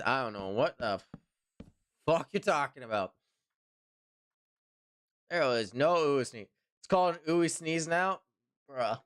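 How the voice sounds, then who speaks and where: Slow-talking stuffy-nosed male streamer. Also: a little high, expressive, a bit bright. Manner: rambling, swears often, answers chat. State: stuffy nose. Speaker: live streamer. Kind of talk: casual livestream chat.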